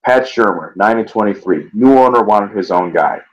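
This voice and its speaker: A man with a fairly low voice chats about football on a podcast, loose and profane. He stammers through restarts and gets animated when telling stories. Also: moderate pace, low-quality recording. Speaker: podcast co-host. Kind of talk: casual sports chat.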